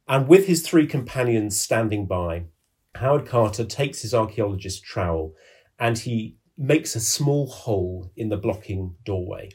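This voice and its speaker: Low, husky man telling history. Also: a little mellow. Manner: vivid, dramatic retelling with frequent restarts. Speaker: historian guest. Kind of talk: storytelling explanation in a podcast interview.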